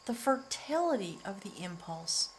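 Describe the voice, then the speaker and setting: A middle-aged woman gives a heartfelt spiritual tarot reading at an unhurried pace, lingering on her words and sometimes softening to a near whisper. Her voice sits at an average pitch for a woman. Faint cricket sounds hum behind her. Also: very animated, poor audio. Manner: earnest and emotional, often choked up, breaking into soft laughs; slow, drawn-out delivery with soft near-whispered words. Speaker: tarot reader.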